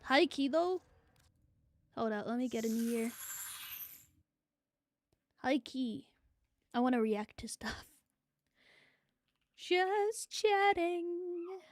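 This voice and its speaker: High-voiced young woman streamer. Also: expressive, extremely slow, long pauses, no echo. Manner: casual, swears freely, laughs often. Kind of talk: casual gaming stream chat.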